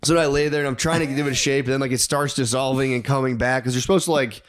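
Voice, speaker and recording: A man on a podcast, spinning a long anecdote in loose, profane casual chat. He rambles, restarts and breaks into laughter. His voice sits at an ordinary middle pitch. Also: fairly even intonation, quick pace, a little hiss or hum. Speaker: podcast co-host.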